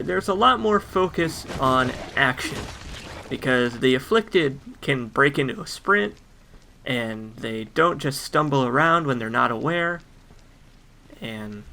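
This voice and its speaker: A man's voice: medium pitch, gravelly, sharp tone. A man giving casual let's play game commentary with wry, joking asides.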